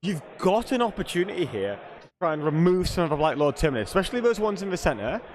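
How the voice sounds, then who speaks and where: A man's voice: sits high, very animated, fast, a little hiss or hum. A man commentating a tabletop wargame, working through the scoring step by step. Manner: analytical, walks through point totals.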